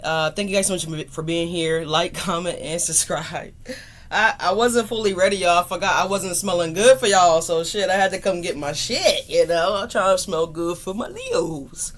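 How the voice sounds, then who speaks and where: A woman's voice: lowish voice, moderate pace. Woman doing her tarot channel intro, super casual, repeats herself a lot, swears a bit, drifts off mic sometimes. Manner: chatty and loose, repeats greetings, swears casually. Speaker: tarot reader and channel host. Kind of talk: casual chat to camera.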